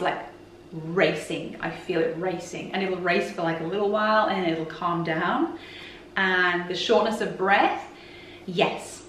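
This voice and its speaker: A woman's voice: on the low side, a bit bright, slight background noise. A woman vlogger chatting frankly and openly to camera. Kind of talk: casual chat to camera. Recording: roomy echo, voice from a distance.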